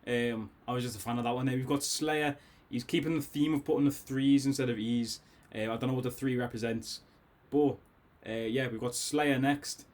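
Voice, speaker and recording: A man with a Scouse accent hosting a casual album reaction from his bedroom, rambling, excitable and a bit tipsy, laughing often. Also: medium pitch, moderate pace. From Liverpool, England. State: tipsy after drinks. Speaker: music reaction host. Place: bedroom at home.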